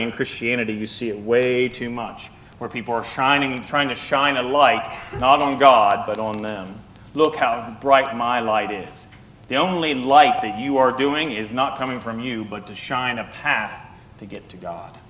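A man preaching a sermon, reading scripture slowly and swinging from quiet asides to loud, high, impassioned stretches. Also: slight background noise. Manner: reads scripture aloud slowly.

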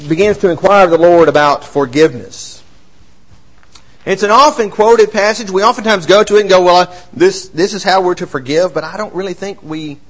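High-voiced male preacher. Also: rough recording. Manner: expressive, swings between raised emphasis and quiet low asides. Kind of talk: sermon.

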